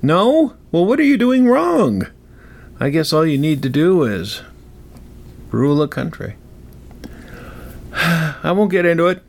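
A cackling old Wild West codger rambles along in a put-on Old West movie drawl, as a man puts him on for a vlog. His voice sits high and swoops all over, slow and folksy. He stumbles through his own words and chuckles often. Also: very animated, creaky, full character voice. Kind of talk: comic impression.

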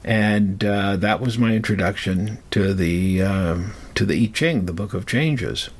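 A man telling a personal story in a rambling, halting way, with frequent fillers and restarts. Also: fairly low pitch, slightly rough.

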